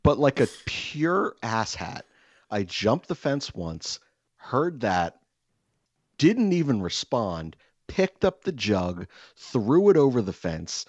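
A man telling a self-mocking comic story in casual chat, animated and swearing freely. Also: mid-range voice, slow pace, dry recording, lo-fi sound.

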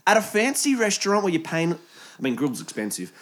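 A man's voice: high-pitched, a little fast. Aussie guy telling a story, swears a lot, voice bouncing all over. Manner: animated storytelling, swearing, acting out other people's lines. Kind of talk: casual chat.

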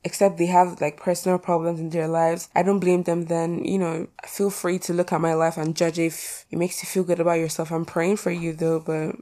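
A woman's voice: on the low side, level tone, normal speed, few pauses, mellow. A teenage girl hosting her own podcast, chatting casually in a rambling, self-mocking way. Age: teens. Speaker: podcast host. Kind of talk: casual solo podcast chat.

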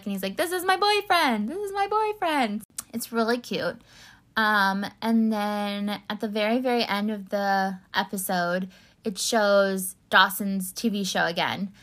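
A woman's voice: medium pitch, level tone, unhurried, sharp tone. A young woman chatting casually through a TV recap, rambling with lots of fillers and getting teary. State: tearful. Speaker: podcast host recapping a TV series. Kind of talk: casual chat.

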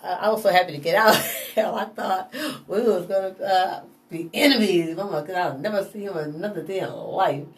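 A woman's voice: lowish voice, normal speed. A woman talking in a rambling, digressive monologue, laughing often and swearing casually. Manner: digressive, laughing, profane, animated. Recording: voice from a distance.

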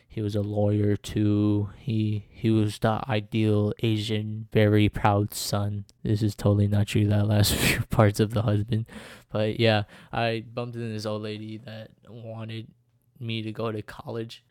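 A man's voice: fairly low pitch, darkish tone, no echo, studio quality. A young man hosting a casual solo podcast, rambling, laughing often and correcting himself as he goes. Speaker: podcast host.

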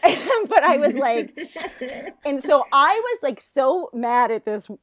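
A woman in her thirties, co-hosting a podcast, telling a story in casual chat, animated, swearing freely and laughing often. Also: high voice, slow, no echo. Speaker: podcast co-host.

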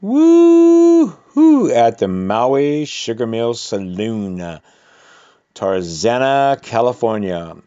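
A man with a lowish voice and a cold talks loosely through upcoming gig announcements on the radio, stopping to correct himself. The recording is dull and lo-fi. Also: animated, takes it slowly, a little mellow, no echo. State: has a cold. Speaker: radio host reading community event announcements. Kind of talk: casual on-air announcements.

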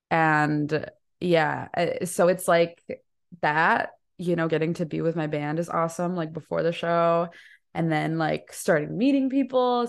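A woman's voice: low voice, vocal fry. A young adult woman, a guest musician, telling stories in casual chat with frequent laughs and swearing.

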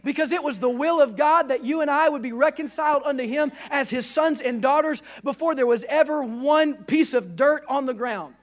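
A man in his thirties preaching a sermon in church, building to impassioned, louder climaxes. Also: extremely high pitch, moderate pace, hardly any pauses. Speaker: pastor. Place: church sanctuary.

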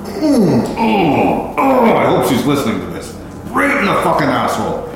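A man's voice: fairly high pitch, wildly swooping pitch, moderate pace, gravelly, a crowd in the background. A middle-aged man telling a crude personal story in casual chat. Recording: echoey room with noise.

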